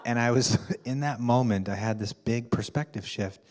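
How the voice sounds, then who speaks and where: A man telling a personal story to a workshop group, halting with fillers and restarts, with amused laughs. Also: mid-range voice, a little mellow. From United States. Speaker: workshop participant.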